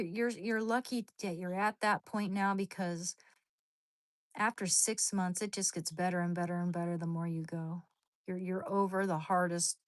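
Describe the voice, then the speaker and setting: A woman hosting a livestream, chatting casually with viewers in a rambling, animated, slangy way, with sudden high squeals. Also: no room sound. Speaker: livestream host.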